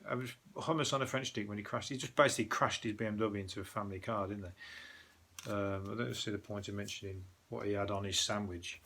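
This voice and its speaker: A man's voice: on the low side, fairly even intonation, fairly quick, sharp tone. A man with a Birmingham accent, host of a newspaper review, chatting casually in a sweary, sarcastic, rambling way. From Birmingham, England. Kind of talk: casual chat.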